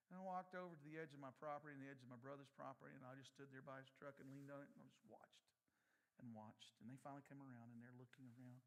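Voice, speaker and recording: A man's voice: mid-range voice, fairly bright tone. A middle-aged man preaching a sermon as pastor, telling stories and acting out the voices of people in them. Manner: storytelling, acting out voices in his anecdotes.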